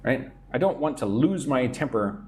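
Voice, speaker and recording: A man's voice: medium pitch, lively intonation, moderate pace, darkish tone, a little hiss or hum. A man teaching English idioms on a live stream, reading out viewer comments and checking in with "right?" as he explains.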